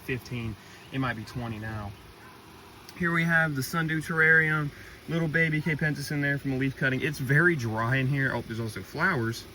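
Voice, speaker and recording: A man's voice: mid-range voice, sharp tone, slight background noise. A young man with a cracking voice, casually walking through his plant collection, rambling with lots of ums and likes. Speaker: carnivorous plant grower giving a tour. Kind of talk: casual walkthrough vlog. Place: outdoor garden.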